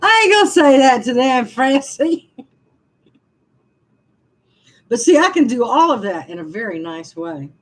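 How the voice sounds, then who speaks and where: Woman, sixties, casual livestream venting, frank, fairly high voice, very lively pitch. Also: a little slow, pauses often, low-quality recording. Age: 60s. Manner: chatty, frank, laughing asides to viewers. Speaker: livestream vlogger reading comments.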